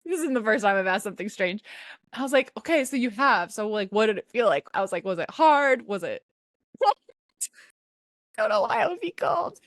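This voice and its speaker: A woman's voice: medium pitch, very animated, a little fast, pauses often, fairly bright tone, no room sound, studio quality. A woman hosting a podcast in casual chat, rambling and giggling, with many restarts. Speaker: podcast host.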